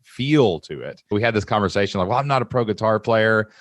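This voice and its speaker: A man hosting a casual interview, telling stories in an animated, excited and emphatic way. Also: lowish voice, brisk, dry recording. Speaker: podcast host.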